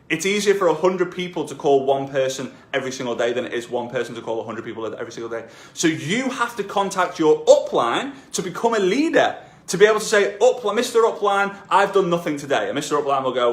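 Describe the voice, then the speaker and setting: A man's voice: on the high side, expressive, fast. A man coaching network marketers on a casual live stream from his home, rambling and self-deprecating. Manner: chatty, self-deprecating, repeats himself. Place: room at home. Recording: echoey room.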